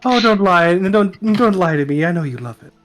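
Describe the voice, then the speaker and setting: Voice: mid-range voice, animated, normal speed, soft background music. A player in a tabletop role-playing game, speaking theatrically and playfully.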